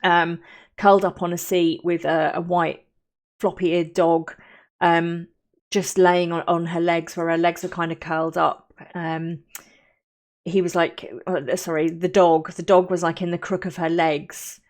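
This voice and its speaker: Woman kinda low voice, soft and rambly, lots of um and restarts, dreamy vibe. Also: little pitch movement, measured pace. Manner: soft, hesitant, many fillers and restarts; gentle and dreamy, lingering on feelings. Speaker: medium recounting a channeling session. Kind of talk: casual spoken recollection.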